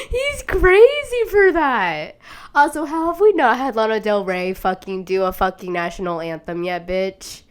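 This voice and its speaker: A young woman hosting a casual solo talk show, swearing freely and getting emotional, laughing through tears and turning loud and shrill as she gets carried away. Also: lively intonation, unhurried. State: sick, tearful. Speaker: podcast host. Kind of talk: casual monologue.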